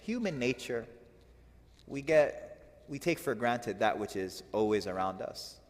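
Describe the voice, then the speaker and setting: A man giving a religious lecture on classical poetry, animated and firing rhetorical questions at his audience. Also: mid-range voice, measured pace, big-room sound. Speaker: religious teacher.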